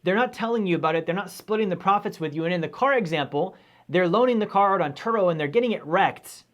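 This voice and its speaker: A man with a fairly high voice gives a live-streamed lecture on personal finance. He is energetic and conversational, and he keeps checking in with "right?" as he explains. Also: fast, dull audio. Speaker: finance educator.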